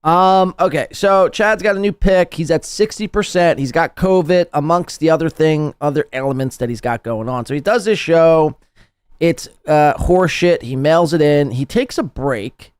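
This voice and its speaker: A man's voice: on the high side, moderate pace, clean tone, dry recording. A man hosting a podcast, mocking and sarcastic in casual, profane commentary on clips.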